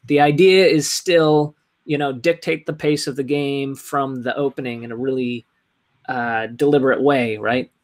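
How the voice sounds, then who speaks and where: A man's voice: medium pitch, steady tone, normal speed. A young man as a podcast guest in casual chat, rambling with many "like"s and "right?"s.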